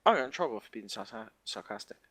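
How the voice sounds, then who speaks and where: A man's voice: on the low side, lively intonation, fast, a bit bright. A young man co-hosting a casual podcast chat, rambling and laughing often as he blurts out whatever comes to mind. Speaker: podcast co-host.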